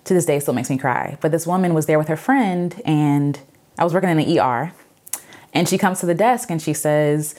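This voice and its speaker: Low-voiced woman telling her story. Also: a little fast, a little mellow. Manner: earnest, reflective, many fillers and repeated phrases. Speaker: vlogger sharing her own story. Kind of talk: personal testimony to camera.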